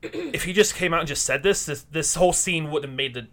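A male podcast host talking casually with friends. His voice is bright and forceful, and he rambles, circling back with ums and restarts as he recaps. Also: a little high, fairly quick. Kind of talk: casual chat.

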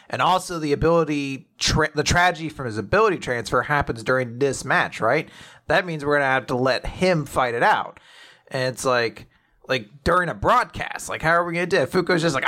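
A young man casually recapping an anime episode as a podcast host, retelling scenes and acting out characters' lines. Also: fairly high pitch. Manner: animated retelling, acting out lines in quick voices. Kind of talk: casual chat.

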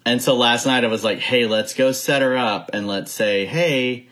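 A man in his thirties with a mid-range voice, co-hosting a podcast. He tells family stories in an animated, chatty way. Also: mid-range voice, moderate pace, poor audio. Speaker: podcast co-host. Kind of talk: casual chat.

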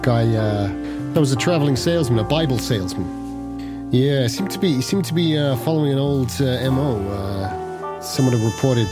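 Guy playing a cop in a tabletop game, casual, lots of uhs, loud music behind. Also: medium pitch, expressive, normal speed. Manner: hesitant, casual, full of fillers. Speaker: player.

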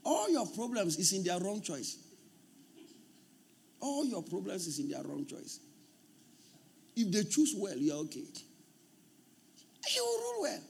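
A man preaching a sermon as pastor, emphatic and repetitive, at times shouting. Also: high voice, huge pitch swings, measured pace, creaky, long pauses, a little hiss or hum.

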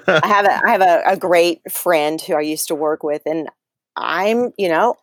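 Excitable woman podcast guest, dry sound. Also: lowish voice, moderate pace, no echo. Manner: excitable, animated. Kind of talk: casual faith interview.

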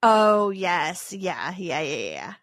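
A young adult woman co-hosting a podcast, telling stories in an animated, filler-heavy casual way. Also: fairly low pitch, slow, no room sound, clean studio sound. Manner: animated storyteller, many fillers. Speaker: podcast co-host. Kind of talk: casual chat.

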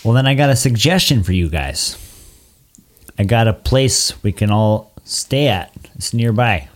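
A man's voice: fairly low pitch, animated, a little slow. Male player, tabletop session, folksy and drawling. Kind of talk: casual tabletop game play.

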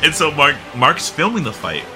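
A man telling a wild neighborhood story on a podcast, talking with a lively voice that rises and falls a lot. He laughs as he goes and acts out the quotes. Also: on the high side, normal speed, music in the background. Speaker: podcast host. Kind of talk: casual storytelling.

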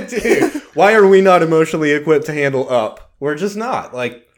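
Animated joking young man. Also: fairly high pitch, normal speed. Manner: joking, animated, swears casually. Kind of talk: casual chat.

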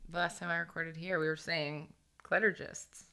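A woman's voice: sits low, level tone, normal speed, vocal fry, bright, forceful tone, smooth. A woman hosting a podcast, chatting casually in a playful, jokey way. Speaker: podcast host. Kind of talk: casual interview chat.

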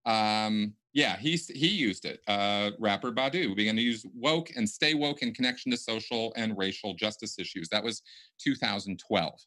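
A man's voice: lowish voice, moderate pace, sharp tone. A man hosting a casual podcast conversation, speaking emphatically and often restarting his sentences. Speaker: podcast host.

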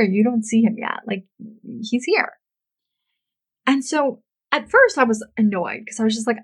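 A woman in her thirties, a love coach, telling a personal story in a chatty, animated way full of "like" fillers. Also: a little high, poor audio. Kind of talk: casual storytelling to camera.

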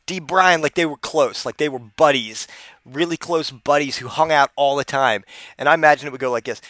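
A man's voice: on the high side, brisk, bright, forceful tone, dry recording. A man talking casually and rambling as a vlogger. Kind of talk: casual vlog chat.

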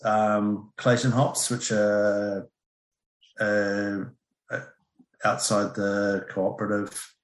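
A man's voice: on the low side, reverberant. A man, a brewer guest chatting casually and hesitantly, with many fillers. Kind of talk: casual chat on a video call.

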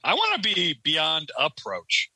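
Bright, lively man teasing his friends. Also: on the high side, unhurried, husky, dry recording. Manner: crude, teasing, laughs a lot, fillers like "like". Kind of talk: casual banter.

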